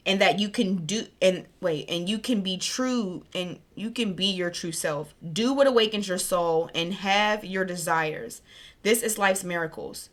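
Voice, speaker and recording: A woman giving a casual spiritual reading, chatty and excited, tripping over her words, with a scratchy throat. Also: mid-range voice. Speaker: tarot reader. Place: warm room at home.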